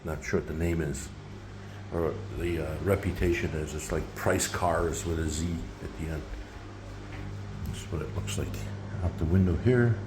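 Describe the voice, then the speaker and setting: A man's voice: extremely low pitch, moderate pace, background noise. A man in his sixties talking casually in a travel vlog, rambling and full of fillers, filmed on a handheld phone. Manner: chatty, rambling storyteller with many fillers. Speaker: travel vlogger. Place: apartment indoors, later city streets outdoors.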